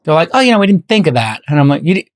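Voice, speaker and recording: His fairly high voice swings widely in pitch and races along very fast. He is a middle-aged podcast host who spins stories in relaxed chat, performing both sides of each exchange.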